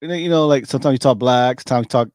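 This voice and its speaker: A man of middle pitch talking casually in a group, trailing off and restarting as he hunts for the right word. His voice sits close and dry, with no room around it. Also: a little mellow, dry recording. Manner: halting, restarts and searches for words.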